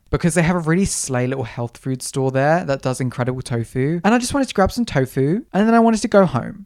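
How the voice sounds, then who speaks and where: A young podcast host telling stories in a casual, slangy, animated way, acting out quoted lines with big jumps in pitch. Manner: animated, slangy, dramatic retelling. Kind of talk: casual storytelling.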